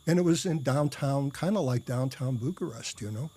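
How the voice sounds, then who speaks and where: A man's voice: medium pitch, moderate pace, mellow, breathy edge. A man telling a personal story in a casual, rambling way, with many fillers and restarts and blunt, salty language. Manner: blunt, profane.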